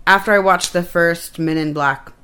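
A woman co-hosting a podcast in casual chat, blunt and swearing, laughing loudly. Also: fairly low pitch, moderate pace, smooth. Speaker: podcast co-host.

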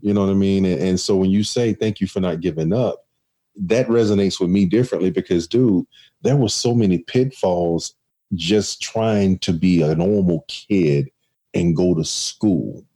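Man, dark tone, casual, restarts a lot. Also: low-pitched, normal speed. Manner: reflective, storytelling with many restarts. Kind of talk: casual conversation.

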